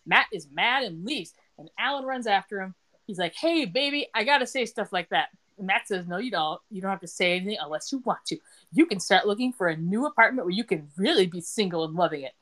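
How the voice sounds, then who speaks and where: A middle-aged woman with a medium-pitched voice hosts a relaxed podcast, recapping a TV episode in a chatty, joking way. She moves quickly through the scenes, quoting the characters' lines as she goes.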